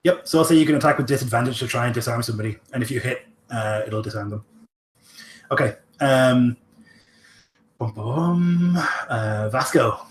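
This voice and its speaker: A man's voice: mid-range voice, fairly quick. Man game master, casual tabletop narration, roomy sound with faint hiss. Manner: casual, relaxed, with fillers.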